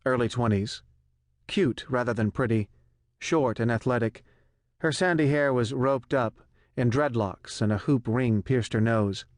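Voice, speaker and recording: Man, audiobook narrator, measured even storytelling, mid pitch, dry close studio recording. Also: no room sound. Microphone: close studio mic.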